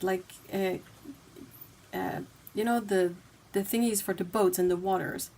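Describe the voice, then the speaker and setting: A woman's voice: mid-range voice, fairly even intonation, a little slow, a little mellow. A woman hosting a casual livestream, chatting and reading viewer comments aloud. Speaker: livestream host.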